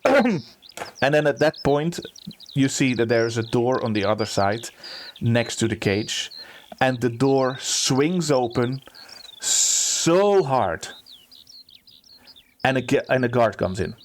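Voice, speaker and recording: A man acting as game master, narrating a tabletop game with many fillers and restarts. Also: medium pitch. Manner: hesitant, filler-heavy narration.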